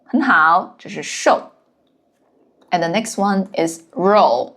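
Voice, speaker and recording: A woman's voice: lowish voice, animated, slow, a bit bright. A woman who speaks natively, giving a language lesson and counting out the strokes of each character one by one. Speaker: Chinese language teacher. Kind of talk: slow step-by-step lesson narration.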